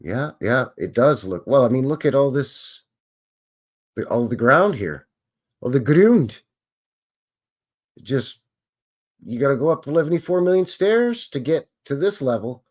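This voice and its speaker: A man's voice: medium pitch, lively intonation, measured pace, long pauses. A man hosting a live show, chatting casually and joking as he reacts to what he is looking at. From Canada. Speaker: host. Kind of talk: casual live commentary on old photos.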